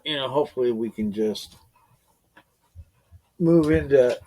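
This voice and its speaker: A man's voice: medium pitch, unhurried, mellow. A man leading an online team meeting in casual chat, rambling with lots of fillers and chuckling often.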